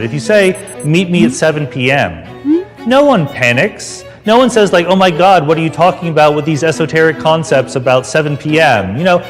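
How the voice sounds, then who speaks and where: Man explaining stuff, really lively voice, echoey hall sound, soft music under. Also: a little high. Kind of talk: explanatory talk. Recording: roomy reverb with music.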